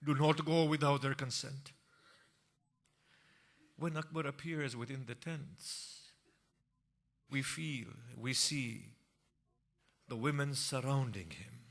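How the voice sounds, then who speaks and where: A man preaching a mournful sermon, telling a tragic story in a grieving recital that sinks to hushed tones and swells into impassioned cries. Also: mid-range voice, slow, pauses often.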